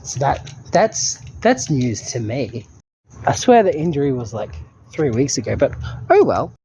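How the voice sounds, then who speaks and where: A man's voice: mid-range voice, very animated, measured pace, dark tone, a little hiss or hum. A young man, rambling through a dry, self-mocking video diary. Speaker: vlogger.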